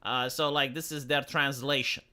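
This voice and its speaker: A man's voice: medium pitch, fairly even intonation, normal speed, pushed and bright. A man hosting a live stream, giving casual political commentary in a sarcastic, rambling way with lots of fillers. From Romania.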